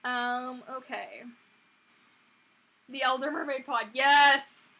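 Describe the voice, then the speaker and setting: A woman's voice: on the high side, normal speed, bright, forceful tone, slight background noise. A woman in her thirties hosting a casual live Q&A, chatty and rambling, full of fillers and restarts. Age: 30s. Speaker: livestream host answering viewer questions.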